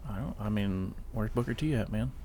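A man's voice: fairly low pitch, a little fast, mellow, slight background noise. A man co-hosting a casual chat, rambling and breaking off mid-sentence to mimic what people said. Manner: rambling, self-interrupting, mock-quoting people. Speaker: podcast co-host. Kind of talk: casual chat about wrestling.

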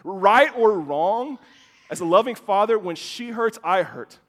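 High-voiced pastor preaching in a reverberant hall. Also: male voice, animated, a little slow. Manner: impassioned, rising to loud emphatic bursts, with repeated restarts. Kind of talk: sermon. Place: church hall.

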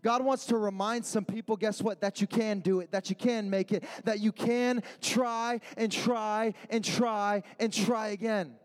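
High-voiced young man preaching to youth. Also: fairly even intonation, measured pace, few pauses. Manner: builds to shouted refrains, slangy, repetitive calls. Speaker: youth pastor. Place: youth service gathering.

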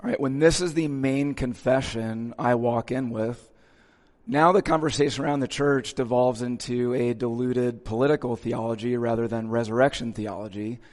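A man's voice: mid-range voice, steady tone, moderate pace, darkish tone, big-room sound. A male pastor giving a conversational sermon in a church, casually checking in with his listeners as he goes.

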